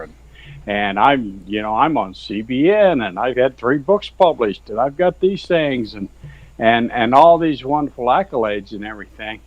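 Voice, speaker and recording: A man's voice: mid-range voice, dry recording, dull audio. A man, a Christian author and guest, telling his faith story in a folksy, rambling way over a video call. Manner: folksy, rambling, heavy on "you know" and "sir". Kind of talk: earnest testimony in casual chat.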